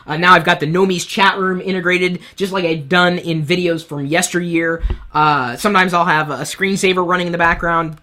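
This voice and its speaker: A man with a high-pitched voice hosting a live-streamed web show from his studio set, talking candidly and from the heart into a boom mic on top of the camera. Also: normal speed, slight background noise. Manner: animated, candid, speaks from the heart. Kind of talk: live-streamed advice talk. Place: home studio set with lights.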